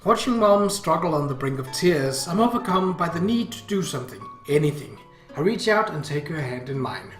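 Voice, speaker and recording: A man reading a visual novel aloud, narrating in a measured, earnest way. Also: fairly high pitch, sing-song, fairly bright tone. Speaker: reader. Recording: roomy echo, faint guitar music.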